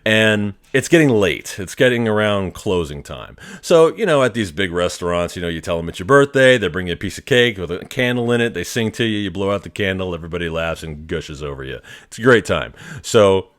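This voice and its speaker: A podcast host recounts a wild night out in a relaxed, profane storytelling manner. His voice sits low but swings widely in pitch as he acts out the moments, with a chuckle never far away. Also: brisk, few pauses. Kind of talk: casual anecdotal storytelling.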